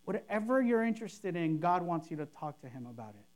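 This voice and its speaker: A woman's voice: fairly low pitch, sing-song, a little fast, a little mellow. A woman pastor preaching a sermon, emphatic and repetitive, acting out showy and simple prayers to make her point. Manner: emphatic, repeats key phrases, mimics overblown prayers.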